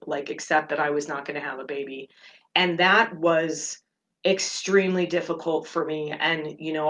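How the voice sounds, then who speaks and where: Woman with a low speaking voice, hosting a meditation show, open and unpolished, pausing often as she shares. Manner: earnest and open, speaks in halting phrases with fillers. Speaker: meditation podcast host. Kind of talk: personal reflective talk.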